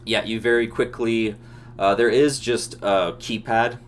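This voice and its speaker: Deep-voiced male game master. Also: a little slow, a little hiss or hum. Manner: descriptive, relaxed, many ums. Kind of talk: narrating a tabletop role-playing game.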